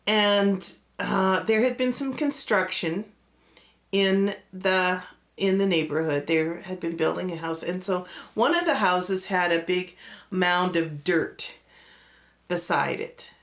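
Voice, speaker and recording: A woman pastor telling a personal story in a relaxed way, with lots of fillers and acted-out quoted voices. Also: on the low side, slow pace.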